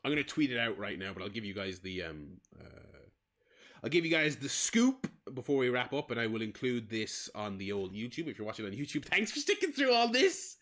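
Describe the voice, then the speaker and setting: Rambling Irish streamer with a lively voice. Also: male voice, fairly low pitch, fairly quick. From Limerick, Ireland. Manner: rambling, swears freely, stumbles and restarts. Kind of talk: casual chat while livestreaming a game.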